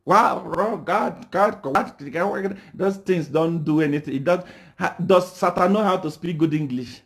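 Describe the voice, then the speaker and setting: A Zambian man ranting on a livestream, who scolds his listeners, fires off rhetorical questions and keeps saying "Eh?", and sometimes shouts. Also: fairly high pitch, measured pace, creaky. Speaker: political commentator. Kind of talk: livestream rant.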